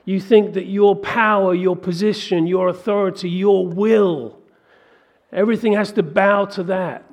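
Male pastor mid-sermon, slightly raised pitch, gravelly texture, animated and questioning. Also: measured pace. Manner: animated preaching with rhetorical questions.

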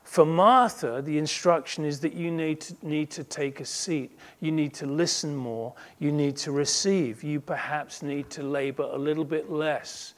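A man's voice: fairly high pitch, measured pace, hardly any pauses. A man preaching a sermon as a pastor, earnest and emphatic, building intensity through repeated phrases.

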